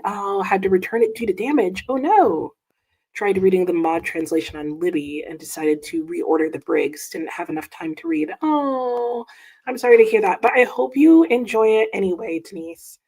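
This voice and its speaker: A woman's voice: medium pitch, husky. A woman hosting a casual reading livestream at her desk at home, upbeat and chatty as she reads viewer comments aloud and reacts with little exclamations. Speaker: livestream host. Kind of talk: casual live-chat reading stream.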